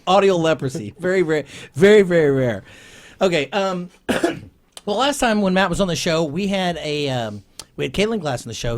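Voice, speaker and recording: A man hosting a comedy talk show, teasing guests and running silly games with quick laughs. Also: a little high. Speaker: show host. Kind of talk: playful game-show banter.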